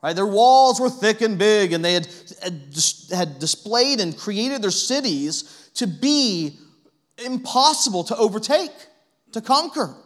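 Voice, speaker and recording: A man preaching a sermon in a conversational way, often adding "right?" and telling animated, self-deprecating stories. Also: high-pitched, measured pace. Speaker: pastor.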